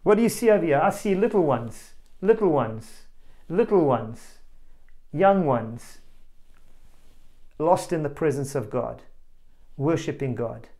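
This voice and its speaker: A male preacher giving a family sermon, telling a story with animated energy and calling out directly to children and parents. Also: fairly high pitch, a little slow, long pauses. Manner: animated storyteller, rising to loud exclamations.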